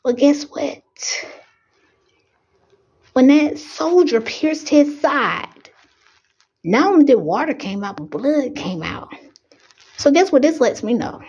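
A young woman preaches a fiery sermon in a bright, high voice. She grows emotional and pleads with herself not to cry, her passion climbing as she goes. The recording is dull and lo-fi, like a home setup. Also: animated, takes it slowly, long pauses. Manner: emotional, fighting tears, preaching with rising fervor. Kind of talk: impassioned preaching.

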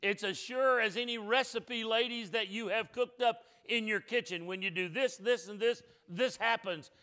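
A man with a high, bright, ringing voice preaches a sermon in a church. He is emphatic and folksy, going from loud declarations to quiet joking asides to his congregation. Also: normal speed. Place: church sanctuary.

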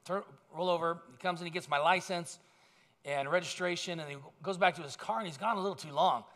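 A man's voice: high-pitched, a little fast, a bit bright. A man pastor giving a sermon in a conversational storytelling way, with self-deprecating asides.

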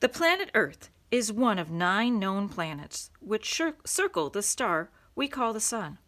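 A woman's voice: mid-range voice, big pitch swings, unhurried, a bit bright. A woman reading as a polite, earnest schoolboy. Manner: polite, careful explaining.

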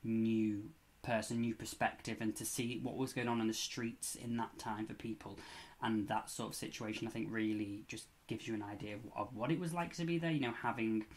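A young man hosting a reaction video, talking in an excited, chatty, gushing way. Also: fairly low pitch, normal speed. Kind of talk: casual reaction commentary.

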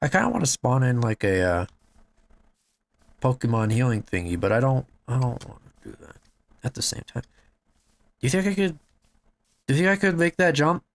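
A young man commentating his game, excitable and swearing, shouting at what happens on screen. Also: medium pitch, moderate pace, creaky, long pauses. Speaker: gamer. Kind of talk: let's play commentary.

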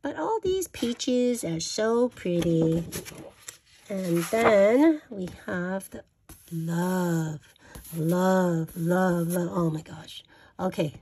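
Woman craft vlogger, mid-pitched and gravelly, chatty and gushing, faint background hiss. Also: sing-song, slow pace, warm tone. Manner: gushing, chatty, self-correcting. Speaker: craft vlogger showing a haul. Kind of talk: casual show-and-tell.

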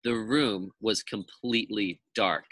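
A man, a teacher, reading a children's chapter book aloud to his class in a lively, expressive storytelling manner. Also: on the low side, takes it slowly, no echo.

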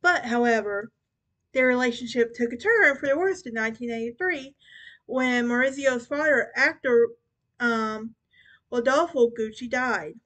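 High-voiced young woman podcast host. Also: measured pace, fairly bright tone. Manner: chatty, stumbles and restarts over names. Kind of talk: casual true crime podcast narration.

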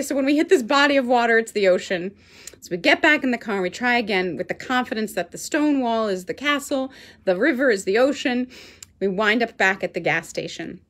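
A woman Pilates instructor telling a chatty, animated story while her class holds a plank. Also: fairly high pitch, a little fast.

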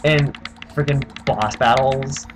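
A man chatting over a co-op game, quick and pushy as he tells his partner what to collect. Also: medium pitch, steady tone. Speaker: co-op gameplay commentator. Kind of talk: casual gameplay chat. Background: game music.

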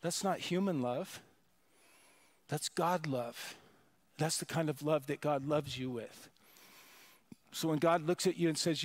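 Pastor guy preaching at a church service, earnest, keeps repeating words, slightly high voice. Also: measured pace, pauses often. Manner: earnest, emphatic preaching with repetitions and restarts. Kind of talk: sermon.

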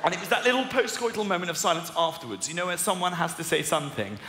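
A man in his twenties with a posh southern English accent, doing a self-mocking stand-up routine with sudden high squeaky outbursts. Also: expressive, quick pace, pushed and bright. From England. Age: 20s. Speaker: stand-up comedian. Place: large arena on stage. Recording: live arena recording with long reverb and crowd noise.

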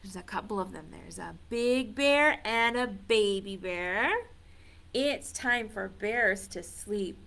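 A woman's voice: medium pitch, lively intonation, takes it slowly, creaky, a bit bright. A woman reading a picture book aloud to toddlers as a children's librarian, playful and sing-song, coaxing the little ones to join in.

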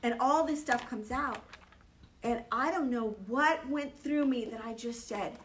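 A fairly high-voiced woman leads a Bible study with lively emphasis and frequent "okay?" check-ins. Her voice sits a little back from the mic, with a faint hiss underneath. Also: unhurried, far from the mic. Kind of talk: Bible teaching with a personal story.

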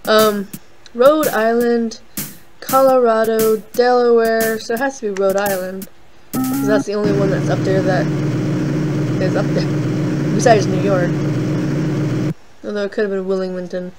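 A woman's voice: medium pitch, fairly even intonation, unhurried, long pauses, low-quality recording. A young woman hosting a casual game playthrough, rambling and self-deprecating with lots of fillers. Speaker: let's play host.

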